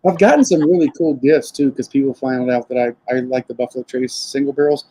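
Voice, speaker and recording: A man with a Southern American twang, a distillery owner chatting as a guest on a live-stream interview over a video call, relaxed and self-deprecating. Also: medium pitch, fairly quick, rough recording. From South Florida, raised in Alabama.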